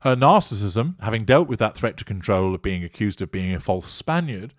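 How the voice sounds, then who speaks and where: Male commentator: low, animated delivery, dry close recording, measured and emphatic. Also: dry recording. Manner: measured, emphatic, formal wording. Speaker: commentator on narcissism. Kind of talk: monologue commentary reading from an article.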